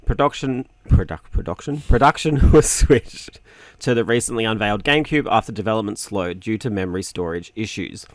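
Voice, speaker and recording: A man's voice: fairly low pitch, fairly quick, no echo. An Australian man hosting a casual podcast quiz, reading game clues aloud with stumbles and laughs. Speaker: podcast host running a game-guessing quiz.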